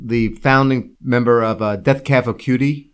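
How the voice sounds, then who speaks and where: A man co-hosts a podcast, chatting casually and rambling with lots of restarts. His voice is medium in pitch, smooth and steady, at a moderate pace.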